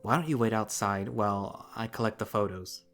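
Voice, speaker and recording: A man's voice: on the low side, normal speed, a bit bright, faint music behind. A man voicing a determined young fox. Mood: earnest.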